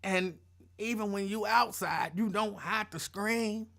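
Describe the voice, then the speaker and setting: A high-pitched man with vocal fry speaks a little slowly as host of his own live show. His casual rant is animated and rambling, with playful, colloquial storytelling and repeated phrases for emphasis.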